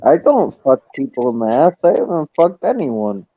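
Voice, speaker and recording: A man's voice: mid-range voice, very animated, normal speed, mellow, no room sound, dull audio. A man in a late-night group chat, reacting in baffled protest to the jokes about him.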